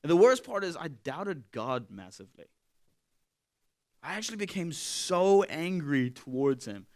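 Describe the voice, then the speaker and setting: A man giving a sermon in a candid, conversational way, swinging from loud to hushed. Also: on the high side, big pitch swings, unhurried. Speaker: pastor.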